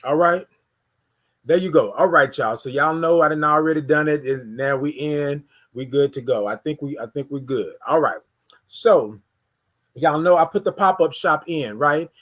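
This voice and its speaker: A man from Houston hosting a casual morning livestream, greeting viewers and hyping up the chat. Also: fairly high pitch. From Houston, Texas. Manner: energetic, hypes the chat, drawn-out sung greetings. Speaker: livestream morning show host.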